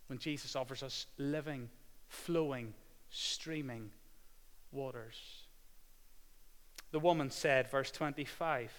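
A man preaching a sermon, swinging between loud proclamation and hushed, intimate passages. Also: on the high side, smooth. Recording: hall reverb.

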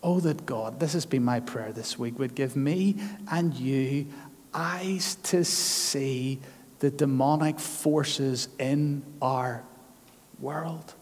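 Slow, earnest preacher in a reverberant hall. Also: male voice, medium pitch, a little mellow, slightly rough. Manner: earnest, emphatic preaching with repeated phrases. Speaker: pastor. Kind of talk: sermon.

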